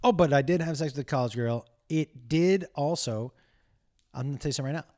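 A man hosts his podcast solo, his voice a little high, brisk and mellow. He rambles casually through crude, self-deprecating stories that keep wandering off topic.

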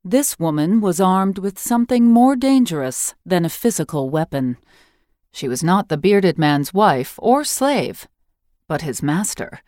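A woman narrates a fantasy audiobook in a measured, even way. Her voice sits low and is recorded dry and close. The reading feels scripted and steady. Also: dry recording.

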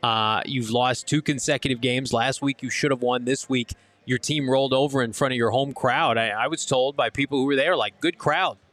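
A man's voice: medium pitch, steady tone, a little fast, fairly bright tone, no room sound. A man hosting a live postgame sports talk show, delivering an emphatic, ranting critique at a casino watch party.

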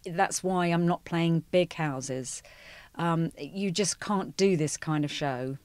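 A middle-aged woman with a low, deep speaking voice talks easily as an interview guest, telling stories from her stage career. The sound is dry and close, with no room around it. She leans on "you know" as she goes. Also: slow pace, darkish tone, clear, resonant tone, no echo. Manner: chatty storyteller, many "you know"s. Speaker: musical theatre performer, guest. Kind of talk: conversational interview.

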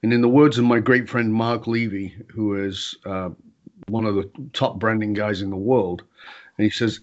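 A man's voice: lowish voice, fairly even intonation, normal speed, a little mellow, muffled recording. A man telling a story in conversation as an interview guest, acting out quotes with big jumps in his voice.

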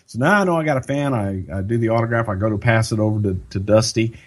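An older man telling a story in a casual podcast chat, as a lively storyteller who jumps into other people's voices. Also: on the low side, quick pace.

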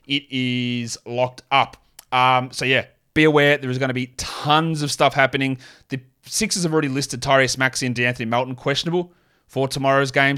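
A man in a middle voice runs through his sports podcast alone, talking casually. He drops quick opinions and offhand asides as he goes. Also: mid-range voice, pushed and bright, clear, resonant tone. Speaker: fantasy basketball podcast host. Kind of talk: casual solo podcast commentary.

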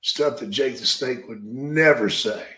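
A man's voice: medium pitch, unhurried, sharp tone, roomy sound, low-quality recording. A man telling a long story in a drawling, profane way, leaning on "brother" and "man". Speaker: podcast host and retired wrestler telling stories. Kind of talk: casual storytelling.

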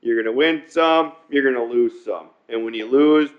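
A man's voice: mid-range voice, moderate pace. Crude rambling man, lo-fi sound. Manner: profane, rambling, repeats himself. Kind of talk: crude casual banter. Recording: dull lo-fi recording.

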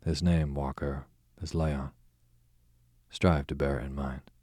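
A languid aristocratic duke with a dry, sarcastic drawl, read by a man in a bedtime audiobook. The voice is extremely deep and flat, the pace unhurried, the sound close and dry. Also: dry recording, full character voice. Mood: sardonic.

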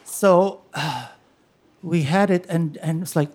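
A man in his sixties telling a personal story on stage, animated and laughing as he goes. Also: on the high side, takes it slowly, a faint crowd.

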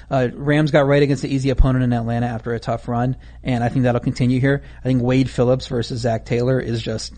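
Man, co-host, quick talker, warm low tone, stat-heavy betting talk. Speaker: podcast co-host. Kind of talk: casual sports analysis.

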